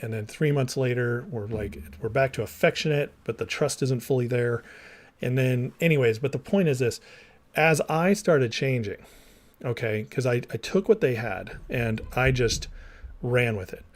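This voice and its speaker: A man's voice: medium pitch, normal speed. A man who was a minister and counselor tells his own story to viewers in a candid, rambling way, often saying "like," restarting sentences and acting out remembered dialogue. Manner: heavy use of "like" and restarts. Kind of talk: personal storytelling monologue to viewers.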